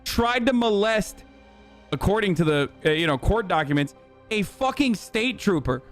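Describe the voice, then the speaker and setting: A man reacting to news clips as a streamer, delivering rapid, profane, exasperated live commentary. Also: high voice, lively intonation, soft background music.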